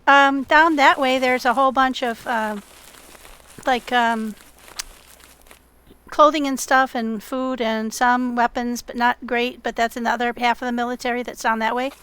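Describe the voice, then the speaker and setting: Fairly high-pitched and a bit bright, this woman's smooth voice keeps an even intonation at normal speed in a dry recording. She's hosting a survival game video, chatting with another player and addressing viewers in a friendly manner full of fillers.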